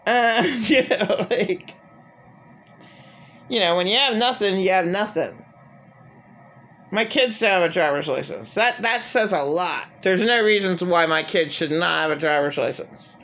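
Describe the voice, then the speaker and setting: A woman's voice: fairly low pitch, measured pace, a bit bright. Rambling, agitated middle-aged woman. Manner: agitated, rambling, full of filler words. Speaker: vlogger. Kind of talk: rambling personal monologue.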